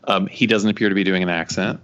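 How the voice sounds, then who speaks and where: A man from Texas with a low voice chats casually about a book, rambling and joking, often restarting his sentences. The audio is dull and lo-fi. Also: steady tone, fast talker, a bit bright. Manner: rambling, with frequent restarts and jokes.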